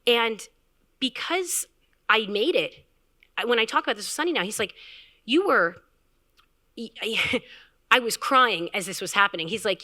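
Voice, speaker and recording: Woman founder telling a candid story at a live event, bright voice, acts out what people said. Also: mid-range voice, normal speed, long pauses. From Canada. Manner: candid, animated, acts out quotes with filler words. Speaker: health tech founder, speaker.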